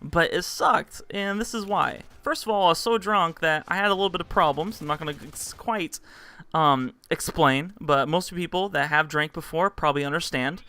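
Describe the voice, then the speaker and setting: Chatty young man, bright crisp voice. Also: on the high side, moderate pace. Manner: rambling, animated, heavy on fillers and acted-out quotes. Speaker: vlogger. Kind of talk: casual storytelling to camera.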